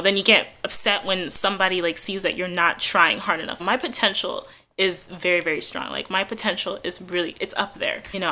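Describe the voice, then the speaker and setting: Twenties woman, casual vlog chat, bright tone, candid and rambling. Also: fairly low pitch. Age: 20s. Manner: rambling, filler-heavy, candid. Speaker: vlogger.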